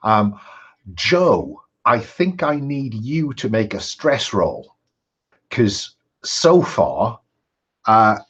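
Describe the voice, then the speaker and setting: A man narrating a tabletop game as game master, measured and pausing on frequent ums. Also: lowish voice, slightly rough.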